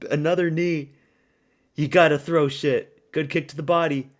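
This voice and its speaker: A man hosting a fight watch-party stream, giving excitable, profane live reactions and yelling at the screen. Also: on the high side, normal speed.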